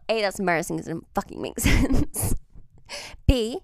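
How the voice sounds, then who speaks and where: A young woman hosting a podcast, telling stories in an animated, sweary way and laughing mid-sentence. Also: mid-range voice, normal speed, gravelly, no echo. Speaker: podcast host. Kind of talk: casual storytelling monologue.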